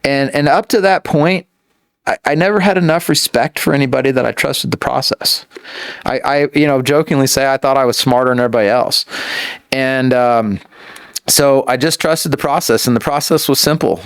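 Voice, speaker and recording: A man as a podcast guest in casual conversation, earnest and talking in halting, repeated starts. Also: mid-range voice, creaky, clean tone, no room sound, studio quality.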